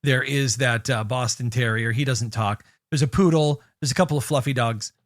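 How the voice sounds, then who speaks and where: A man co-hosting a podcast, chatting casually about an old movie and slipping into quick goofy impressions. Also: mid-range voice, dry recording, studio quality. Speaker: podcast co-host. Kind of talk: casual movie-review chat.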